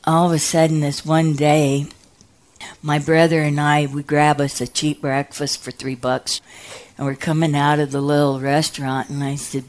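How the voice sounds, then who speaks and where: A woman telling a comic personal story, animated, dropping into hushed whispered asides. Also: deep voice, normal speed.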